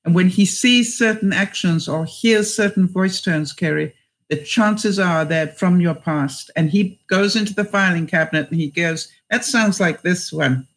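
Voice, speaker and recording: A woman's voice: lowish voice, moderate pace. A middle-aged woman vlogger on a live stream, reading viewers' comments aloud and giving them chatty life advice by name. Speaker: vlogger answering live chat.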